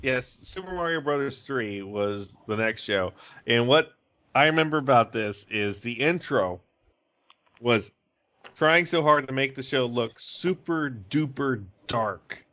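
A man co-hosting a podcast in casual chat, joking and rambling in an animated way. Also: medium pitch, a little slow. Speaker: podcast co-host. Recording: dull lo-fi podcast audio.

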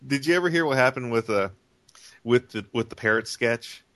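A man's voice: mid-range voice, moderate pace, a bit bright. This is a man chatting on a podcast in a mid-range voice, rambling and restarting his sentences as he goes. He laughs often and keeps the talk loose and casual. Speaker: podcast co-host.

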